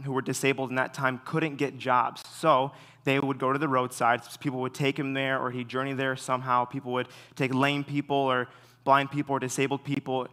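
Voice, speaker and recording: A young man giving a sermon in a relaxed way, full of fillers, telling stories with animation. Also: mid-range voice. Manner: relaxed, filler-heavy storytelling; animated when retelling stories. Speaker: preacher. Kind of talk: casual sermon.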